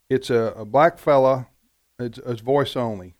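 A man's voice: medium pitch, darkish tone. A man co-hosting a talk radio show, speaking emphatically and repeating words as he presses his point. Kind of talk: conservative talk radio discussion.

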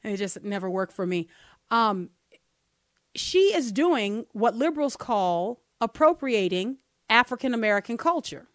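A woman hosting a podcast, talking through political commentary in an animated, rhetorical way. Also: a little high, a little slow, no echo, clean studio sound. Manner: animated, rhetorical, asks listeners to bear with her. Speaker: podcast host.

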